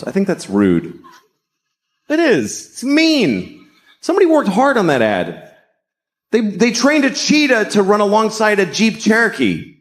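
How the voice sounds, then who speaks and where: A middle-aged man doing stand-up comedy in a sarcastic, profane way, slipping into mocking voices. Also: high voice.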